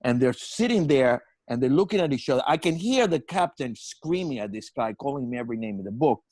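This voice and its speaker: An older male comedian telling a long, animated comic story, full of profanity and stumbling restarts. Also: mid-range voice, fairly quick, no room sound.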